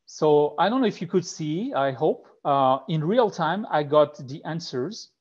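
A man with a heavy French accent walks through a live tech demo, pausing often on fillers and restarting his sentences. His voice sits fairly high, and the recording is dull and muffled. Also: expressive. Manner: hesitant, many fillers and restarts. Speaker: webinar presenter.

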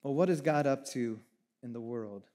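A man preaching a sermon as pastor, talking conversationally, moving between hushed reflection and fervent emphasis, with casual asides to the congregation. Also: mid-range voice, moderate pace. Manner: casual asides with audience check-ins.

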